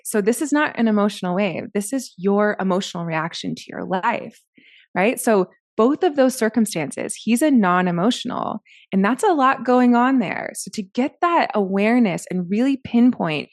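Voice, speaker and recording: A woman's voice: medium pitch, no room sound, clean studio sound. A woman co-hosting a podcast, explaining things in an earnest, thorough way. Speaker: podcast co-host. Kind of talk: casual podcast chat.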